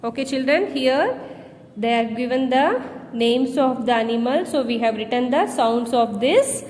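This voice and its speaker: A woman with an Indian English accent teaching young children, slowly spelling out words letter by letter. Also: a little high, animated, darkish tone, big-room sound. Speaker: primary school teacher. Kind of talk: slow classroom lesson.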